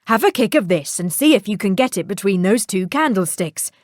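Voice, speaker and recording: A woman's voice: mid-range voice, animated, brisk, dry recording, clean studio sound, close to an everyday voice. A woman doing a hearty, kindly storybook dad. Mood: encouraging. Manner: hearty and encouraging. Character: kindly, easygoing father.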